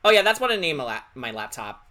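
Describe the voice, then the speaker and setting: A bright, tense-edged voice with pitch that leaps around in lively fashion. This streamer chats casually while drawing, rambling and hesitating with plenty of fillers. The talk is loose and unscripted, as on a relaxed livestream. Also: fast. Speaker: streamer and artist.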